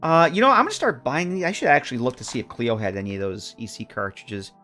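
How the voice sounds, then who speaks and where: A man's voice: medium pitch, quick pace, pushed and bright, soft background music. A man streaming a game live, chatting casually with viewers and joking with characters as he plays.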